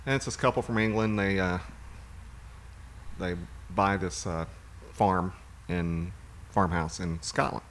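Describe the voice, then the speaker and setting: Male co-host, very low voice with fry, relaxed and rambling, faint noise behind. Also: a little slow. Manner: rambling, relaxed movie recaps with fillers. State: hiccuping. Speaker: podcast co-host. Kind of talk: casual chat.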